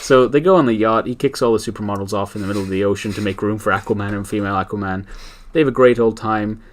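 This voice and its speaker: A man's voice: fairly low pitch, steady tone, fast talker, slight background noise. A man hosting a casual podcast, animatedly retelling a story and laughing often. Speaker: podcast host.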